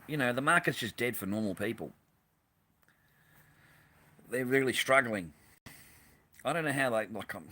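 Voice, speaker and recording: A man's voice: fairly low pitch, pushed and bright. An Australian man hosting a casual livestream, rambling and swearing bluntly as he answers his live chat. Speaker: livestream host.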